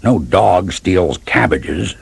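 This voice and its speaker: A gruff, commanding middle-aged farmer, as a man plays him, low and deliberate. The voice is husky, fitting a storybook reading. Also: expressive, no echo, full character voice. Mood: stern.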